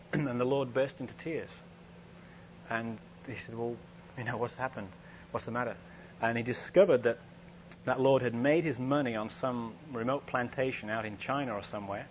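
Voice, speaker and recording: A male preacher tells a story in a loose, conversational sermon, often restarting his sentences. His voice sits in a middle register. The recording is dull and lo-fi, with a faint hum and noise underneath. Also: medium pitch.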